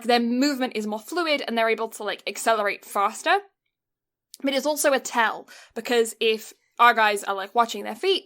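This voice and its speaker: A woman's voice: on the high side, a bit bright. A woman co-hosting a podcast, recapping an anime in a casual, rambling way, with frequent laughs and puns. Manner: giggly, punning, rambling. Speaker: podcast co-host.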